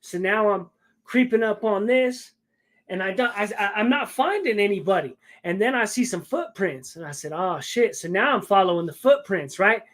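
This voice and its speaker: Telling a long, rambling story in casual conversation, this man often pauses to ask the listener "right?". His voice is high and a bit bright, animated, and moderately paced.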